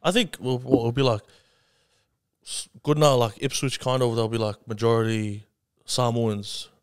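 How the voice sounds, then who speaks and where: Podcast host, easygoing mid-pitched man, swears freely, casual banter. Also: steady tone, moderate pace, clear, resonant tone. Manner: laid-back, swears often, says "bro" a lot. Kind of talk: casual chat.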